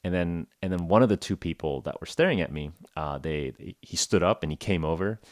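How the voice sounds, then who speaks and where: Low-voiced man telling a self-mocking story. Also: fairly quick, dry recording, studio quality. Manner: chatty and self-mocking, with many fillers like "uh" and "like". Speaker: podcast host. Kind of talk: casual storytelling podcast for English learners.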